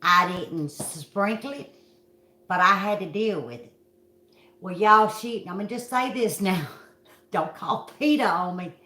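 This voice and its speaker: A woman's voice: mid-range voice, unhurried. Southern kentucky lady vlogging, big dramatic storyteller, kinda echoey room. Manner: folksy, animated, dramatic storytelling. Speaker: vlog host. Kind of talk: casual storytelling to viewers.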